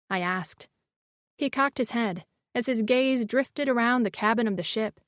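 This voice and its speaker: A woman reading a first-person romance audiobook, her voice sitting fairly high. The delivery is measured and intimate, recorded close and bone-dry with no room around it. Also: dry recording. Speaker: audiobook narrator.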